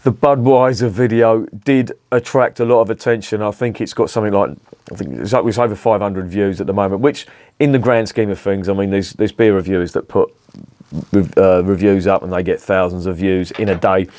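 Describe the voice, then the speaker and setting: Middle-aged london bloke, low voice, blunt rambling beer chat, swears a lot, dry sound. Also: male voice, fairly quick, darkish tone, no room sound. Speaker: beer reviewer. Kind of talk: casual vlog chat.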